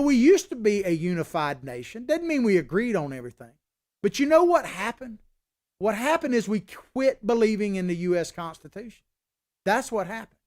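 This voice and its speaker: A middle-aged man hosting an opinionated political talk show, impassioned, swinging from loud emphatic peaks to low quiet asides.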